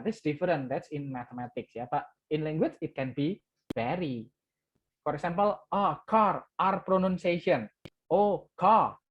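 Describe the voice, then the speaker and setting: A man's voice: on the high side, breathy edge. A man with an Indonesian accent giving a university lecture, switching between English and Indonesian and often tagging sentences with "ya". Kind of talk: classroom lecture. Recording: muffled lo-fi audio.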